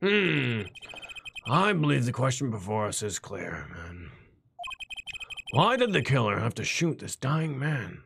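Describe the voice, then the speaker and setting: A man voicing a formal, stately male courtroom figure in a gravelly voice, reading game lines aloud. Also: medium pitch, very animated, unhurried, pauses often, fairly bright tone, slight background noise, full character voice. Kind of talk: playthrough voice acting.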